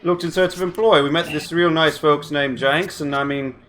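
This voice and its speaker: A man's voice: fairly high pitch, steady tone, normal speed, fairly bright tone, voice pushed up, natural voice. A man voicing a drunk, leering male rogue with a put-on British accent, chummy and pompous. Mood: boastful.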